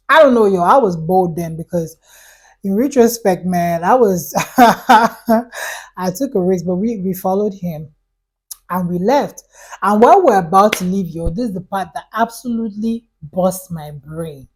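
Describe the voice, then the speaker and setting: A young woman with a slightly husky voice tells a storytime for her vlog. She talks in an animated, exasperated way, acts out the lines of the people in her story, and fills her speech with "like". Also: mid-range voice, measured pace, low-quality recording. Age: young adult. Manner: animated, exasperated storytelling with quoted dialogue and frequent "like". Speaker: vlogger.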